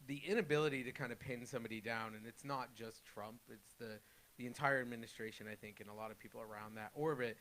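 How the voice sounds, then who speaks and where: A man appearing as a political strategist guest, easygoing and hedging, quick to laugh. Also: mid-range voice, fairly even intonation, a bit bright. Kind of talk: casual panel chat.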